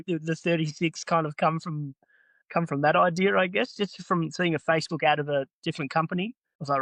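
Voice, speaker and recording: Australian man, guest on a trade podcast, lively yarn-spinner, slightly high voice, dry close recording. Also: fairly quick, dry recording. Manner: animated, acts out both sides of conversations. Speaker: podcast guest, earthmoving business owner. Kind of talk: casual storytelling.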